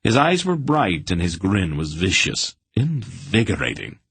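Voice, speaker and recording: A man narrating an audiobook in a steady storytelling manner. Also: low voice, unhurried, slightly rough, dry recording. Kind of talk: scripted narration.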